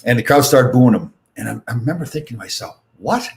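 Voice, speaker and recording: A man in his sixties, a former hockey player and podcast host, telling excitable anecdotes in a casual chat, full of restarts. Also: medium pitch, fast talker, vocal fry.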